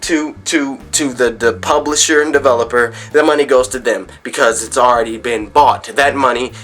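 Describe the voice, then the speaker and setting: Bright-voiced man ranting to camera. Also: mid-range voice, steady tone, moderate pace, faint music behind. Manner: rambling, with frequent restarts and repeated words. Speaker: gaming and tech vlogger. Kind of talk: casual direct-to-camera rant.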